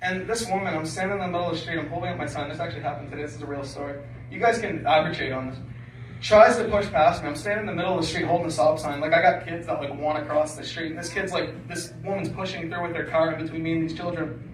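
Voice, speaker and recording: Brief: male comic, high voice, crude rambling stand-up, distant mic in an echoey basement room. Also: fairly even intonation, fast, a little hiss or hum. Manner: crude, rambling, filler-heavy delivery. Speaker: stand-up comedian. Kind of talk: stand-up set. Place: small basement comedy room.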